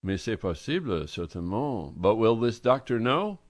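A man's voice: lowish voice, sing-song, normal speed. A man reading an audiobook voices a middle-aged Frenchwoman with a French accent, an old friend who speaks in a formal, playful way. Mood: curious.

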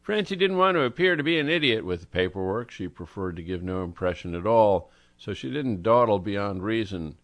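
A man narrating a story in a measured, even storytelling manner, as an audiobook reader. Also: lowish voice, no room sound. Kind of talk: scripted narration.

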